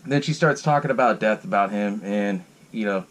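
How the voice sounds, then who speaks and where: On his own podcast, a man recaps a horror film in a casual, rambling solo talk, swearing freely and laughing between sentences. His voice is fairly low in pitch, at normal speed.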